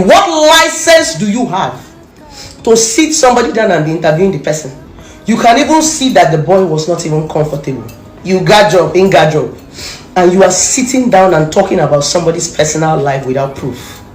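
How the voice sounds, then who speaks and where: A woman's voice: fairly low pitch, echoey room. A Nigerian woman delivering a confrontational, scolding rant straight at someone, repeating her insults for emphasis. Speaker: social media commentator. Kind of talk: angry direct-to-camera rant.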